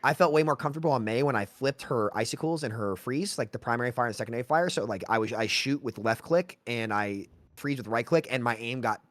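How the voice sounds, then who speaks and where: A man chatting casually on a gaming panel, quick and full of fillers and restarts. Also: mid-range voice, a bit bright, dry recording.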